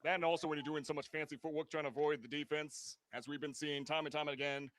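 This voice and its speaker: A man hosting a live high school football stream, giving measured color commentary with many fillers. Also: fairly even intonation, fairly bright tone. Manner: measured, filler-heavy analysis.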